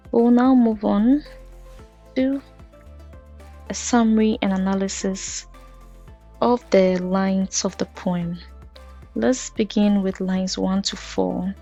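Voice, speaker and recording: A woman teaching a poetry lesson for exam students, explaining step by step in a measured way with occasional fillers. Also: mid-range voice, dark tone. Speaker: literature teacher. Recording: dull lo-fi audio with faint music.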